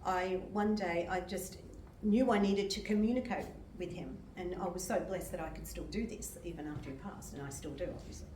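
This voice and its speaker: An older woman, a medium and reverend, gives a sermon with personal testimony in a gentle, emotional way and laughs often. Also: lowish voice, brisk, hardly any pauses, background noise. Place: church hall. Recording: echoey hall from far off.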